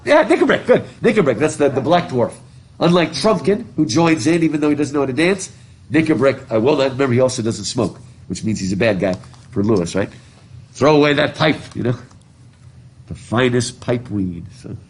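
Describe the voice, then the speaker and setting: Wearing a mask, a middle-aged man teaches a college literature class in a husky, muffled mid-range voice that is expressive and fairly quick. He chats his way through digressions, reads aloud and poses question after question. A classroom recording device captures it.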